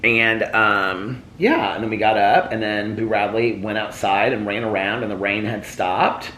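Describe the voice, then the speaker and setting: A man's voice: fairly low pitch, measured pace, a bit bright, slight background noise. A man telling a casual daily vlog story, chatty and laughing often, acting out the voices of people he quotes. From United States. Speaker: vlogger.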